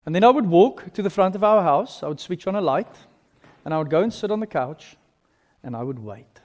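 South African male pastor, 30s, high voice, animated sermon delivery, long church-hall reverb. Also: a little fast. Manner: animated storytelling, swinging from loud to hushed.

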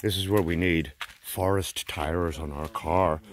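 A man's voice: deep voice, fairly even intonation, a little slow, a little hiss or hum. An Irish man chatting in a casual, joking way while walking through a forest for his vlog. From Ireland. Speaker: vlogger. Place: outdoors in a forest.

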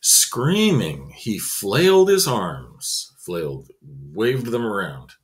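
A man's voice: lowish voice, big pitch swings, takes it slowly. A man reading a children's novel aloud expressively, adding casual asides. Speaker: reader.

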